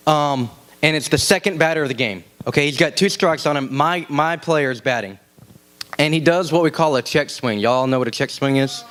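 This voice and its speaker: A young man with a drawl gives a casual youth sermon in a church room. He tells stories in a loose, chatty way and jumps up high in pitch when he acts out shouted lines. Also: normal speed. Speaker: youth pastor.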